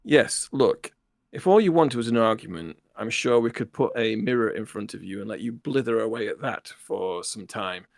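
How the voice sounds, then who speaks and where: A man's voice: fairly low pitch, normal speed, vocal fry, no echo, studio quality. A man playing a blunt, no-nonsense male military starship captain who gives curt threats and orders in a tabletop game. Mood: threatening.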